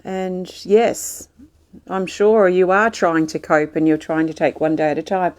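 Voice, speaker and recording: Gentle, soothing woman on a live stream. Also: lowish voice, flat delivery, a little slow, clean tone. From Australia. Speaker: host of a live healing and support stream. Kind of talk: casual live-stream chat reading viewer comments.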